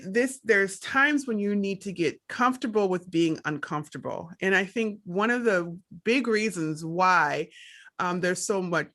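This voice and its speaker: A woman's voice: on the low side, a bit bright. A woman panel guest speaking reflectively on a radio discussion, often restarting her sentences. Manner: reflective, hesitant with many restarts.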